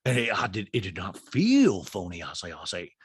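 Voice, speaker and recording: A man's voice: deep voice, huge pitch swings, slightly rough, no echo, pitched below the performer's own voice, full character voice. A man doing a comic impression of a hesitant socialite woman, dropping his voice and drawling with repeated phrases. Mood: earnest. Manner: slow drawl, repeating herself.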